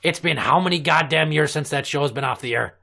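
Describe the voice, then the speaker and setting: A man playing a crude gravelly pirate captain. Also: fairly high pitch, brisk, pushed and bright, full character voice. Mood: mocking. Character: crude salty male pirate sea captain. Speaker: recurring comedy character. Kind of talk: improvised comedy podcast banter.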